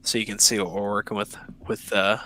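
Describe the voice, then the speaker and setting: His voice is lowish, level, brisk, bright and forceful as he hosts a laid-back podcast chat over an online call. The young man is enthusiastic and slangy and often breaks off mid-sentence, while the audio is poor, with a little hiss or hum.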